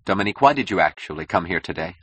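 A man's voice: low-pitched, expressive, rapid-fire, a bit bright, slightly rough, no echo, exaggerated voice. A man voicing an anxious young architect who speaks sharply and defensively.

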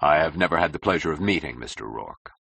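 A man playing a smooth, condescending middle-aged intellectual who speaks in a suave, patronizing way. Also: rumbling low, lively intonation, fast talker, a bit bright, dry recording, heavily acted.

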